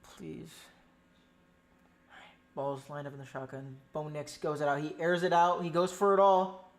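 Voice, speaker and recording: A medium-pitched fan streams homemade commentary on a game at a moderate pace, swearing often. They go back and forth between excited, pleading yells and low muttered play-by-play.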